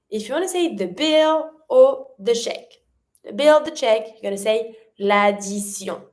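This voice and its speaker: Woman, language teacher, slightly high voice, deliberate modeled pronunciation. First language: French. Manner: slows down to model words clearly. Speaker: French teacher. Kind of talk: online language lesson.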